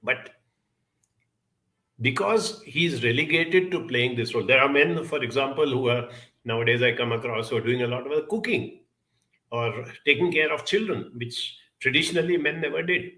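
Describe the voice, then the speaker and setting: A man giving a reflective self-help talk, telling a childhood story in an unhurried way and acting out the people he quotes. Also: mid-range voice, low-quality recording. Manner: storytelling, quoting others in lively voices; unhurried, spoken as if to listeners.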